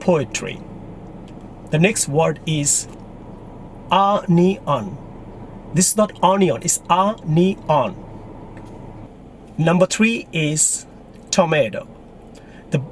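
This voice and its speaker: A young man with a Bangladeshi accent gives an English pronunciation lesson. He repeats each word slowly several times and stretches out its syllables. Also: a little high, a little hiss or hum. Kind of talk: video lesson, mixing Bengali and English.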